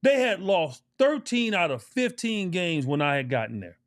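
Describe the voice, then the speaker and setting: A man's voice: high-pitched, big pitch swings, normal speed. A middle-aged man, a former pro basketball player co-hosting a podcast, telling a story casually and emphatically, repeating phrases for emphasis and swearing.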